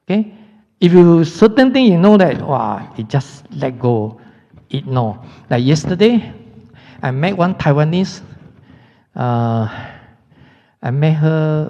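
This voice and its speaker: Singaporean monk teaching in a hall. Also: male voice, fairly high pitch, gravelly, darkish tone. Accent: Singaporean English. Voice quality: chatty, rhetorical questions to the class. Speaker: Buddhist monk lecturer. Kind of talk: dharma class lecture. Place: lecture hall. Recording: dull lo-fi hall recording.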